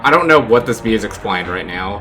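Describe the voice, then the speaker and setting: A young American man talks through a game in a loose, rambling way, leaning hard on "like." His lowish voice has a bright, forceful edge. Faint guitar music plays behind him. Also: lively intonation, fairly quick. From United States. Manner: casual, rambling, heavy use of "like". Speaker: gaming YouTuber. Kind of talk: casual gameplay commentary.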